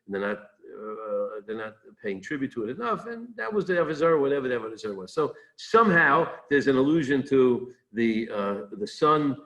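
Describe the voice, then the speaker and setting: A man's voice: mid-range voice, very animated, brisk, few pauses, a bit bright, rough recording. A man giving an informal Torah talk as a rabbi, thinking aloud, restarting often, and quoting Hebrew texts before explaining them in plain words.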